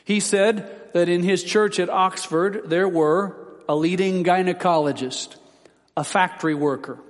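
A man's voice: high voice, a little slow, long reverb tail. A man preaching a sermon, reading out quotes in a solemn, dramatic way.

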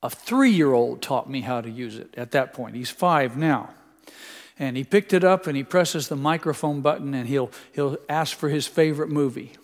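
A man's voice: medium pitch, moderate pace. Older male pastor preaching in a hall. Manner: storytelling with many quotes, dropping soft for emphasis. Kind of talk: sermon. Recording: long hall reverb.

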